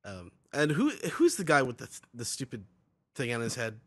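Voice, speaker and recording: Bright, lively male host, casual recap chat. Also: medium pitch, normal speed. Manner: reads aloud animatedly, with fillers. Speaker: podcast host.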